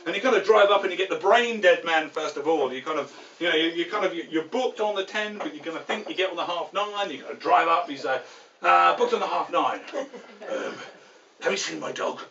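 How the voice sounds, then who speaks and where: A man's voice: fairly high pitch, fast, few pauses, a bit bright, reverberant. Man rambling through a stand-up bit. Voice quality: rambling, self-interrupting, mock-exasperated. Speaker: stand-up comedian. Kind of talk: stand-up routine in a pub. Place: pub function room. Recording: distant, dull, noisy live recording.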